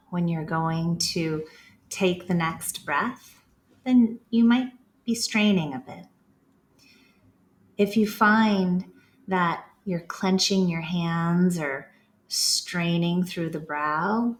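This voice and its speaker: A woman gently leading a guided breathing practice, with slow, soothing instructions. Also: lowish voice.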